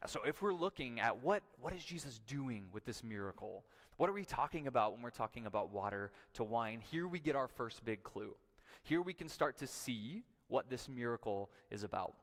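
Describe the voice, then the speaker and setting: A man gives a sermon in a middle-pitched voice, talking as if to friends and tossing in quick "right?" asides as he explains. His words carry a long reverb, as if he were preaching in a large church hall. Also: lively intonation. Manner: conversational teaching with frequent "right?" asides. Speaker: pastor. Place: church sanctuary.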